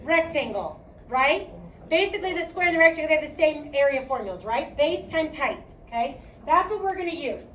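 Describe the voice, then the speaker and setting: A woman's voice: sits high, lively intonation, a little fast, fairly bright tone, a little hiss or hum. A woman with a Chicago accent teaching a math class, projecting her voice and often checking in with "okay?". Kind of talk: classroom lecture. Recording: echoey classroom, distant mic.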